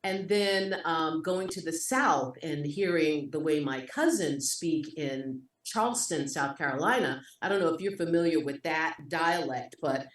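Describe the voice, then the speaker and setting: A woman with a New York accent tells stories as a video call guest. Her voice sits low, but it leaps up when she gets animated. She sounds set back from the mic in an echoey room. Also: measured pace, few pauses, recorded from a distance. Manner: lively, expressive, voice jumps up in animated moments. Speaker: actor, interview guest. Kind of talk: conversational storytelling.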